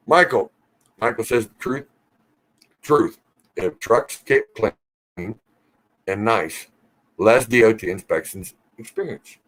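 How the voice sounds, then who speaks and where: A man's voice: mid-range voice, fairly bright tone. Male streamer host, casual and teasing, reads chat comments aloud, easygoing style drawl. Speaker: livestream host reading viewer comments.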